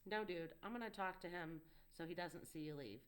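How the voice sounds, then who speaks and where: A woman's voice: fairly low pitch, normal speed, clean tone, lightly acted. A woman voicing an earnest young male tutor who coaxes and reassures a frightened child with urgency. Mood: coaxing. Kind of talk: audiobook dialogue reading.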